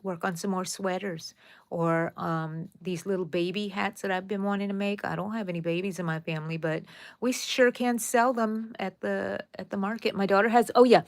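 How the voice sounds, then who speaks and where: A woman's voice: medium pitch, fairly even intonation, moderate pace, no room sound. A woman hosting a casual crochet tutorial, chatting to viewers and counting her stitches aloud.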